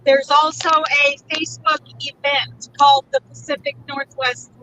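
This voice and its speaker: A woman with a very high, bright-sounding voice joins a casual live chat as a guest. She talks in a friendly, enthusiastic way, and there is a faint hiss behind her. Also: little pitch movement, moderate pace, poor audio. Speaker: guest, event organizer.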